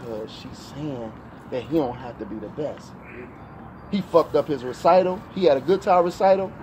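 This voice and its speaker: Podcast co-host, male, high-ish voice, heated and profane storyteller, noisy background. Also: moderate pace, darkish tone. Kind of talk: casual storytelling chat.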